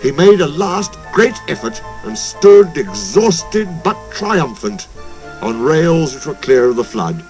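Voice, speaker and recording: A man narrating a children's story in a slow, highly animated storytelling manner. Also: soft background music.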